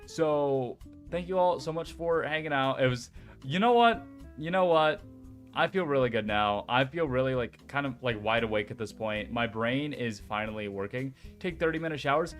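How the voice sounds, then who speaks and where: A young man chats casually and excitably as a streamer, with a mid-range pitch. He swears freely and talks in bursts. Faint music plays behind him. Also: moderate pace. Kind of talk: casual chat.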